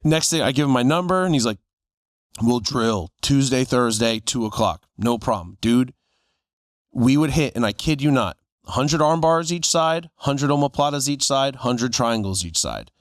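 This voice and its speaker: A man's voice: medium pitch, expressive, normal speed, dry recording, studio quality. A man in his forties, a podcast co-host, telling stories casually and acting out the voices of people he quotes. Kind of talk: casual storytelling chat.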